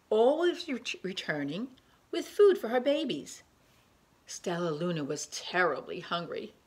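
A woman reads a picture book aloud at a slow, unhurried pace. Her voice is soft and husky, sitting a little low. She stops now and then to point out the pictures for the children. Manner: gentle, pauses to point out pictures. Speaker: storyteller reading to children.

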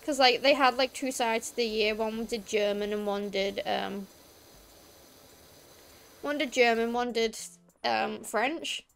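A young woman with a British accent chats away while she plays a game, drifting from story to story with plenty of "like" fillers. Her voice sits a little high and keeps a gravelly fry, with a faint hiss of noise underneath. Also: unhurried, a bit bright. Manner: rambling storytelling with many "like" fillers. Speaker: streamer. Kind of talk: casual chat while gaming.

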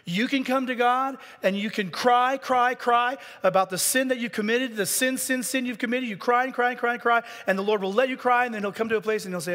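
A man giving a sermon as a guest pastor, preaching earnestly, dropping to a hush and then building up, and repeating words for emphasis. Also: very high-pitched, fairly quick, hardly any pauses, in a large hall. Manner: earnest preaching with dramatic soft drops and rising emphasis. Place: church sanctuary.

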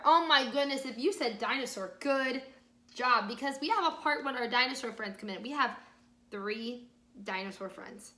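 A woman music teacher reading a picture book aloud to young children, slow and exaggerated, with encouraging praise, sung bits and shifts between whispers and loud parts. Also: a little high, animated, roomy sound. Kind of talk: children's storytime read-aloud and music lesson.

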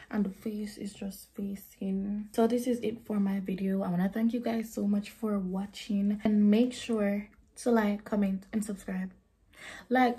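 A woman's voice: mid-range voice, mellow, husky. Chatty young woman with a lilt. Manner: chatty, blunt, slips into patois. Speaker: beauty vlogger. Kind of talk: casual chat while doing makeup.

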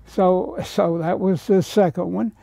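A man's voice: high voice, steady tone, a little slow, creaky, mellow, dry recording. A man from America telling anecdotes, acting out other people's lines and sometimes dropping to a whisper. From United States. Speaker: painter telling stories. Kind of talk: anecdotal storytelling.

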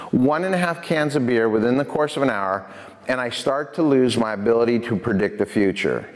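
Animated male youth speaker in a reverberant hall. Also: mid-range voice. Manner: animated storyteller, asks the audience questions, laughs often. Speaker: prevention specialist and youth speaker. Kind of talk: lively talk to students in a church hall. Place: church hall.

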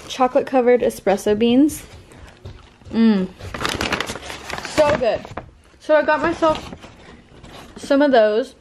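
A young woman vlogging casually to her handheld camera, chatty and rambling, with lots of fillers as she shows her shopping. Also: high voice. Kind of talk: casual shop-with-me vlog. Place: in her car, then at home. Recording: loud background noise.

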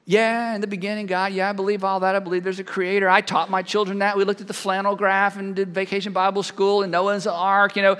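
A man preaching an animated sermon as pastor, acting out both sides of imagined conversations. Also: high-pitched, quick pace, few pauses, clear, resonant tone, big-room sound. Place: large church hall.

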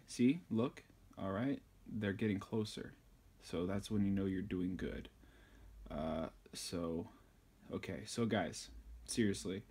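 A man's voice: low voice, darkish tone, slightly rough. A man giving a crude, insulting, rambling comedic tutorial on sewing a button. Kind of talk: profane comedic tutorial rant.

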